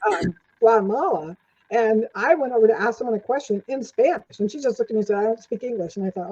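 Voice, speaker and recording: A woman's voice: on the high side, expressive, fast talker, a little mellow, breathy edge. An older woman, a returning interview guest, telling her own stories in a chatty way, laughing often and acting out what people said. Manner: chatty, laughs often, acts out quoted lines. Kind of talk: storytelling in a casual interview. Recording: dull lo-fi sound.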